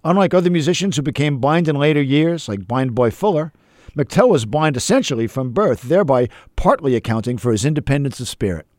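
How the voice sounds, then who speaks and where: A man hosting a music show, talking casually and with enthusiasm, now and then pausing on an "uh" or "um". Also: fairly high pitch, animated, darkish tone, no echo, studio quality. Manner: enthusiastic, chatty, with fillers. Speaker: host. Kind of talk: casual radio talk about music.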